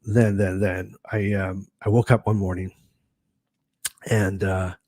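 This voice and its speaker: A man's voice: low-pitched, level tone, takes it slowly, a little mellow, no room sound. A middle-aged man hosting his own video, telling a personal story in a rambling, chatty way full of fillers and restarts. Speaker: host.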